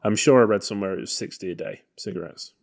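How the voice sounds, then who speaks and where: Speaking fast in a lowish voice, this man co-hosts a podcast and rambles about an old film. It's a casual review chat, loose and conversational, packed with fillers and hedges.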